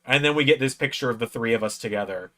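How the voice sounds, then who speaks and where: A mid-range male voice comes out fast, pushed and bright. The man hosts a watch-along from a room in his home, telling a long personal story in a rambling way and acting out quotes in a raised voice.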